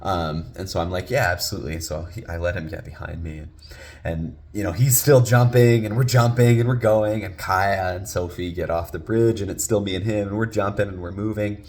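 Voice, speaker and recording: A man in his thirties, a father, telling a personal story in a lively way that rises loud and sinks to a hush. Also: normal speed. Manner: lively, climbs loud on exciting beats and drops low and hushed at tense moments.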